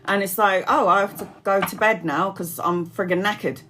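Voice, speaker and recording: A woman's voice: mid-range voice, fairly even intonation, normal speed, sharp tone. A woman in her forties, a tarot reader chatting casually to viewers on a live stream, rambling, laughing often and reading out comments.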